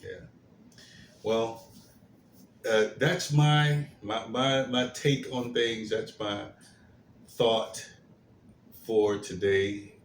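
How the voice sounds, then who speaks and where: A man of middle pitch delivers his commentary stream at a slow, unhurried pace. He hesitates often, filling gaps with fillers and restarting his phrases before they trail off softly. His voice carries a roomy echo over a faint background hiss. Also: steady tone. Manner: halting, many fillers and restarts, soft trailing endings.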